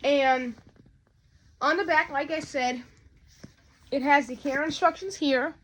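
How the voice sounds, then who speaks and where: A woman's voice: sits high, steady tone, slow, fairly bright tone. A woman, chatting to her viewers in an unboxing vlog, often repeating herself. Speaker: vlogger.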